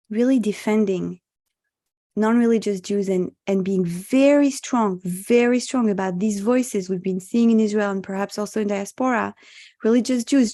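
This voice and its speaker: A woman rabbi speaks in a mellow, dark voice with a touch of gravel, at a middling pitch. She teaches in an earnest, reflective way and mixes in Hebrew religious terms, heard over a video call. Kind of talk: spoken teaching at an online meditation session.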